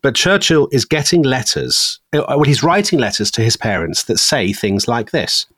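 A man's voice: mid-range voice, moderate pace, hardly any pauses, slightly rough, no echo. A man co-hosting a history discussion, telling stories with relish and frequent chuckles. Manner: lively storytelling, chuckles often. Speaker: podcast co-host.

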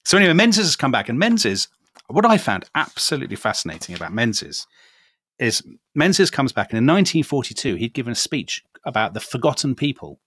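A man's voice: medium pitch, sing-song, quick pace, a bit bright, breathy edge, no echo, clean studio sound. A man co-hosting a casual history podcast, chatty and hesitant, with wry asides. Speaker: podcast co-host.

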